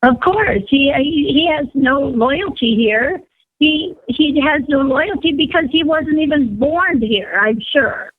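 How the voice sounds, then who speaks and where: A woman's voice: high voice, slow pace, dry recording. Female radio caller, blunt and opinionated, heard over a thin phone line. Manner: blunt, opinionated, many fillers. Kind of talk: phone-in call.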